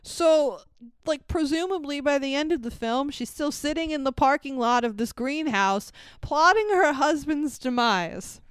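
A woman co-hosting a casual podcast, recapping a movie in an animated way, swearing freely and acting out lines. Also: high voice, measured pace, dry recording. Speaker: podcast co-host.

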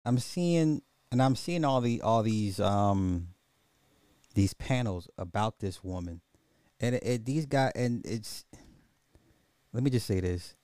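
A man with a low, mellow voice hosts a call-in commentary show, casual and slangy, drifting into rambles. The sound is dry and close, with faint music underneath. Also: expressive, slow, long pauses, dry recording. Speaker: podcast host.

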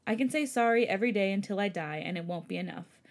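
A woman reading the lines of a remorseful young man who begs forgiveness in a fan story, quiet and subdued. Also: medium pitch, fast talker, lightly acted.

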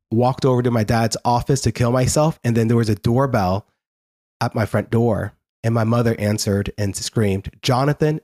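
A man speaks as a guest, telling his story in an earnest, halting way. He often stops and restarts mid-sentence as he works through the memories. His voice sits at a middle pitch. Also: warm tone.

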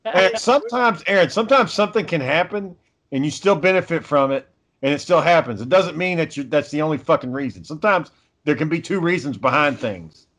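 A man's voice: on the high side, animated, brisk, fairly bright tone. A middle-aged man co-hosting a podcast, telling stories in casual, profane chat. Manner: profane, rambling storyteller. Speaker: podcast co-host. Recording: dull lo-fi recording.

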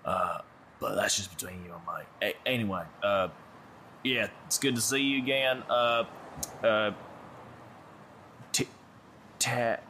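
Man, bright tense voice, awkward and stammering, tabletop game. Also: on the low side, normal speed, a little hiss or hum. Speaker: player. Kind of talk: tabletop role-play chat.

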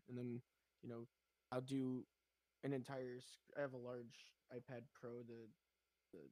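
A man's voice: medium pitch, a little mellow, no echo. A man chatting casually on a podcast, rambling with many fillers while he explains how he works. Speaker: podcast host and animator.

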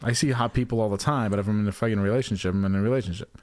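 A man's voice: lowish voice, very fast, dry recording. A man co-hosting a casual comedy podcast, ranting with profanity and sarcasm. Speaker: podcast co-host.

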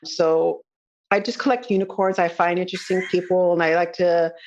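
A woman speaking as a guest in a podcast interview, enthusiastic and conversational, slowing down to stress key words. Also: on the low side, fairly even intonation, a little mellow, highs cut off. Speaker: interview guest, nurse informatics specialist.

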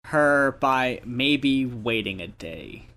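A man co-hosting a podcast in casual chat, talking in a measured, thoughtful way. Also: mid-range voice, lively intonation, pushed and bright. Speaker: podcast co-host.

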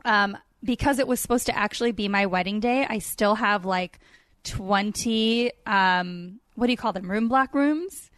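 A woman's voice: medium pitch, normal speed, a bit bright, no echo, clean studio sound. A woman comedian guesting on a podcast, chatty and giggly as she plugs her shows. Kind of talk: casual chat. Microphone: podcast mic.

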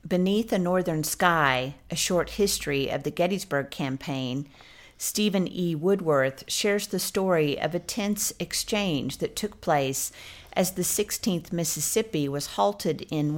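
Woman w a lowish voice reading a history script, even storytelling. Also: measured pace. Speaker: podcast co-host.

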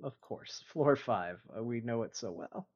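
A man's voice: medium pitch, animated, a little slow, dull audio. A man speaking as a player in a tabletop game, chatting in an easygoing way. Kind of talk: casual game chat.

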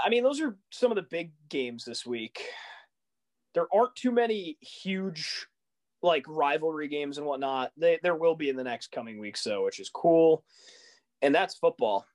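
A young man co-hosting a casual sports podcast, talking in animated, exasperated rants full of rising questions. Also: fairly high pitch. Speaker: podcast co-host.

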